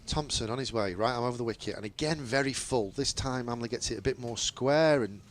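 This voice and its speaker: A man's voice: medium pitch, a little fast, slight background noise. A man giving ball-by-ball radio cricket commentary, lifting his voice on boundaries and chatting easily between balls.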